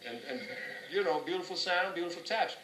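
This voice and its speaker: A man leads a tap class, counting beats and scatting the rhythms aloud, with a voice pitched a little above the usual. He is picked up from across the room, so his voice sounds roomy and distant, with clear noise around it. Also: lively intonation, fairly quick, a bit bright. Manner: counts and scats rhythms aloud, repeats words. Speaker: tap dance teacher. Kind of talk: teaching a class. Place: dance studio. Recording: roomy, distant, noisy dance studio.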